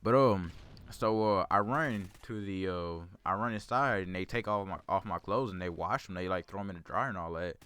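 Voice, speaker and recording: Male gaming host, lowish voice, casual rambling storyteller. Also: normal speed, a bit bright, clean tone. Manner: rambling, repeats words, self-corrects. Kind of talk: casual storytelling over gameplay commentary.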